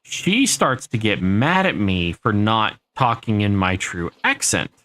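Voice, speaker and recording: A man's voice: on the low side, big pitch swings, unhurried, pushed and bright. A man live streaming a game, telling a rambling, profane story to his chat. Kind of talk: casual storytelling while gaming.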